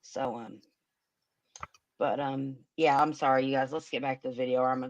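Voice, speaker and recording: A woman's voice: rumbling low, steady tone, moderate pace, dull audio. A woman hosting a casual livestream chat, emotional and hesitant, filling her talk with many ums. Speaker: livestream host.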